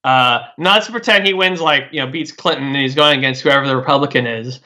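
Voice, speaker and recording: A fast-talking man with a medium pitch and a bright, forceful tone discusses politics casually. The talk is loose and rambling, full of "like" and "uh," with sentences often begun again.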